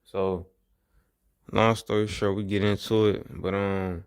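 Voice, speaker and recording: A man's voice: fairly low pitch, level tone, a little slow, clean tone. A young man casually telling a long personal story, rambling and profane, repeating his phrases as he goes. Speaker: vlogger.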